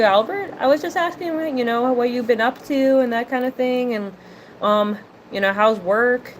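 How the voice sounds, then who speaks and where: A woman's voice: fairly high pitch, normal speed, a little hiss or hum, poor audio. A woman hosting a livestream in casual chat, responding to viewer messages aloud in a playful manner and laughing often.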